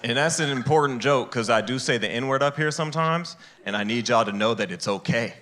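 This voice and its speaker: A man performing a stand-up comedy set on a live stage, jumping into high, loud voices to act out other people. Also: a little fast, slight background noise.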